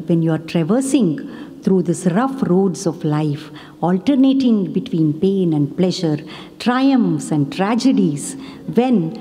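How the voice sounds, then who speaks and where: A woman's voice: on the low side, dark tone. A woman giving a devotional talk with stories, earnest and often adding "you know" and "isn't it". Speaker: devotional speaker. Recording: long hall reverb.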